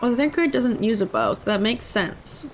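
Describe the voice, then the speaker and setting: A woman streams a game and chats casually, rambling and poking fun at herself. Her voice sits a bit high, and quiet music plays underneath. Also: animated, moderate pace. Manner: chatty, self-mocking, rambling. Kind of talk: casual chat while gaming.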